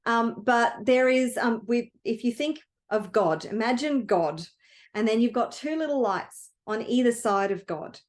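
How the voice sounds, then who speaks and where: High-voiced woman giving a motivational talk. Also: lively intonation, measured pace. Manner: earnest and emotional. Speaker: wealth coach.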